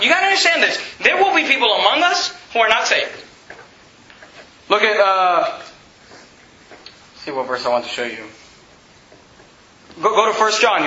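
A man preaches an emphatic sermon in a very high, sharply bright voice, driving his points home and rising to shouts. The recording is dull and lo-fi, with a lot of room echo around him. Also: slight background noise. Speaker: pastor. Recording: echoey room, dull lo-fi sound.

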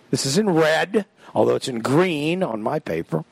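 A man's voice: on the high side, expressive, normal speed, gravelly, breathy edge, no room sound. An older man teaching a Bible study, reading verses aloud and explaining Greek words with emphatic swings of voice.

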